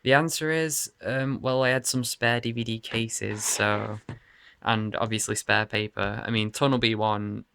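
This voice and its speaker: A man's voice: on the low side, steady tone, unhurried, creaky, a bit bright, slight background noise. A man rambling casually to camera in his bedroom about his game collection, laughing and swearing often. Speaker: video game collector showing his cases.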